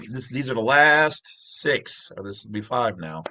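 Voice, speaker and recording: Speaking in a mid-range, expressive voice, this middle-aged channel host sounds unhurried, bright and forceful, and there's no room sound at all. He's giving a casual explainer over a screen, wandering off into jokey asides and frequently cutting himself off.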